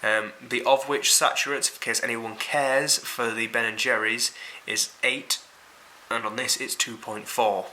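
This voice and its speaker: A man's voice: medium pitch, steady tone, unhurried, pushed and bright, poor audio. A young man with a Yorkshire accent giving a casual, rambling and sweary food review to camera. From Yorkshire, England.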